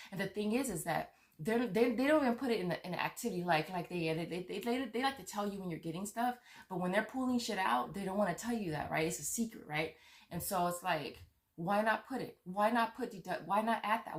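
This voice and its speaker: A woman vlogger furiously ranting to her viewers, swearing, stammering and repeating herself. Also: on the low side. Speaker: vlogger on money-saving apps. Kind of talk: angry rant to viewers.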